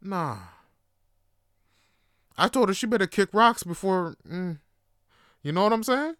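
A man's voice: sits high, moderate pace, clean tone, no echo, clean studio sound. A young man hosting a podcast, telling a funny personal story in a casual, profane, slang-heavy way. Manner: animated, profane, slangy, lots of fillers. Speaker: podcast host.

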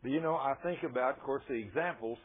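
A man's voice: mid-range voice, fast talker, slight background noise. An older man preaching a sermon, telling folksy stories and asking the congregation rhetorical questions. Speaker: pastor. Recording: tinny lo-fi radio broadcast.

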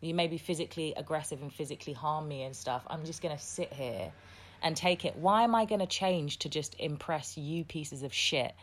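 A woman with a low-pitched voice hosts a podcast conversation. She talks casually and bluntly, swearing freely as she makes her points. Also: brisk. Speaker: podcast host.

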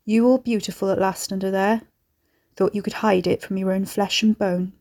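A woman voicing a menacing monstrous father who gloats in a deep growl and heavy dialect. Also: steady tone, normal speed, warm tone, close to an everyday voice. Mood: gloating.

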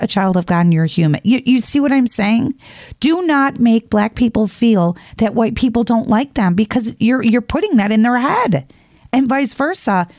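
Middle-aged woman host, emphatic and blunt opinion monologue, mid-pitched voice, dry close sound. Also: darkish tone, no room sound. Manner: emphatic, blunt and preachy, repeats her points. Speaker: podcast host.

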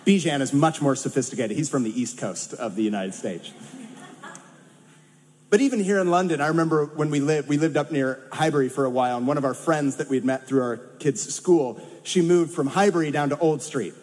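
Californian pastor preaching in a hall. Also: male voice, fairly high pitch, brisk, a little mellow, slight background noise. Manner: conversational, with humorous asides. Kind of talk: sermon. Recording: long hall reverb.

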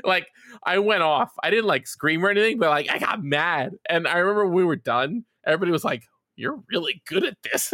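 A man co-hosting a podcast rambles through a story, swearing freely and stopping often on fillers. His voice is bright and fairly high for a man, and the sound is close and dry. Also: no room sound. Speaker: podcast co-host. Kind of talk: casual chat.

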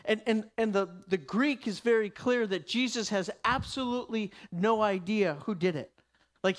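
A man's voice: high voice, normal speed. Emphatic male Bible teacher. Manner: emphatic, with frequent restarts. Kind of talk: sermon teaching.

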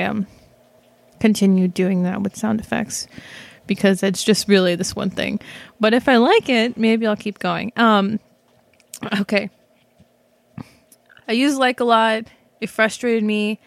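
A woman's voice: medium pitch, steady tone, unhurried, gravelly, long pauses, no room sound. A woman hosting her own show, talking through casual, self-reflective commentary that rambles, with lots of fillers, restarts and casual swearing. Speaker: podcast host. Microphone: microphone.

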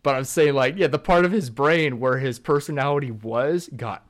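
A young man co-hosting a podcast, relaxed, agreeing and explaining things casually. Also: medium pitch, moderate pace. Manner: laid-back, agreeing, explaining. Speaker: podcast co-host. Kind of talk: casual chat.

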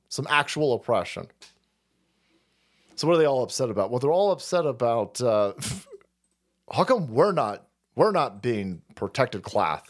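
Animated, swearing man ranting on a stream. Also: high-pitched. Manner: profane, mocking, heated rants; rambling with restarts and chuckles. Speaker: live stream host. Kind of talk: ranting live stream commentary.

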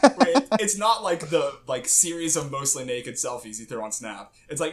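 A man's voice: medium pitch, moderate pace. A man in his twenties co-hosting a podcast, chatting casually and telling a rambling story full of fillers. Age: 20s. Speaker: podcast co-host. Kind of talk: casual chat.

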